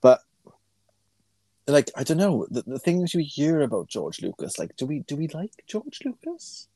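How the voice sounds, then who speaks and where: A man's voice: a little high, big pitch swings, normal speed, warm tone, dry recording. A man co-hosting a casual podcast, talking in a thoughtful, musing way that trails off and restarts. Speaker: podcast co-host. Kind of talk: casual chat.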